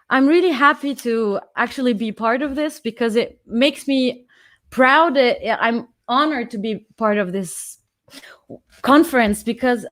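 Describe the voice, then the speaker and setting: A high, bright-pitched woman in her twenties performs spoken word poetry with fierce emphasis, then talks with open emotion. She is from Austria and speaks over a video call. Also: unhurried. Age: 20s. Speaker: poet and singer at an online conference.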